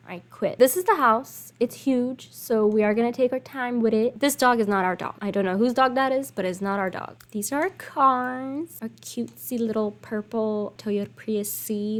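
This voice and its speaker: A young woman casually commenting on her life-sim game, chatty and rambling, swearing offhand and apologizing between asides, into a desk microphone at home. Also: mid-range voice. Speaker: gaming channel host. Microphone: desk USB microphone.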